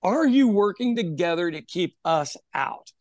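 A man who owns a pub, telling an animated story in casual chat, acting out what people said and swearing freely. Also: high-pitched, unhurried, no echo, studio quality. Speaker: podcast host telling a story; pub owner.

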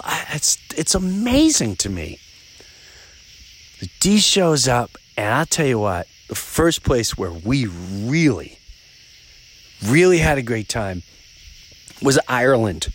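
A man hosting a podcast, telling stories in a casual, animated way while outdoors by the woods at night. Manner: animated storyteller, pitch jumps up when exasperated. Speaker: podcast host. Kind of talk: casual solo monologue.

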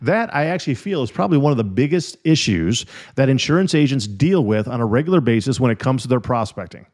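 A man's voice: mid-range voice, animated, fast talker, a little mellow. Middle-aged guy doing a solo coaching podcast, pushy and emphatic, keeps hammering the same words, talks right at you. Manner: emphatic, repeats words for stress, talks straight to the listener. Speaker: podcast host and insurance business coach.

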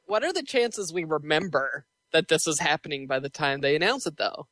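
Wry podcast co-host with a lively voice. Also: medium pitch, brisk, no echo. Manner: wry, joking asides. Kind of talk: casual podcast chat.

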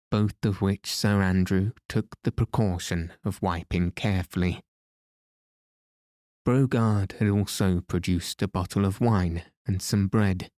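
A man reading a classic novel aloud in measured, even storytelling narration, close to the mic. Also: sits low, no room sound. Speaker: audiobook narrator. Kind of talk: scripted narration.

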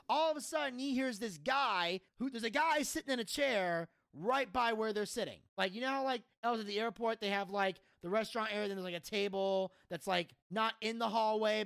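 A man co-hosting a podcast, telling a story in a casual, profane, animated way. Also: sits high, gravelly, dry recording, clean studio sound. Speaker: podcast co-host. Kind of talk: casual chat.

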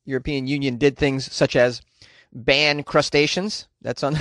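Reading out quotes from news stories, a man riffs on them with sarcastic asides in a casual way. He speaks a little slowly with a mid-range, fairly bright voice and fairly even intonation; the recording is studio quality with no room sound.

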